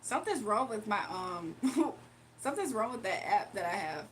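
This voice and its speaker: A woman's voice: medium pitch, sing-song, normal speed, slight background noise. A woman hosting a casual live stream, reading chat comments aloud and laughing often. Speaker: livestream host.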